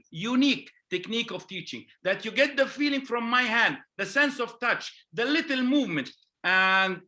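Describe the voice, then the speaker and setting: A man with an Egyptian accent, a gynecologist telling stories in a lively conference talk, often adding "okay?" as an aside. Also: high voice. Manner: animated, anecdotal, with frequent "okay?" asides. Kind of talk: storytelling conference lecture.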